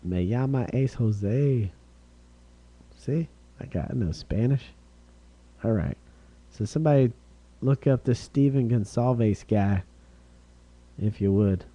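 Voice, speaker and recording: A man hosting a live-streamed card break, calling out each card and who gets it, getting excited over rare hits. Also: mid-range voice, a little slow, pauses often. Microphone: streaming setup.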